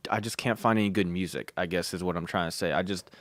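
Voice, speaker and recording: A man's voice: low voice, fairly even intonation, fairly quick, a bit bright, no room sound. A young man hosting a podcast from home, rambling casually with lots of fillers, restarts and offhand swearing. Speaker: podcast host.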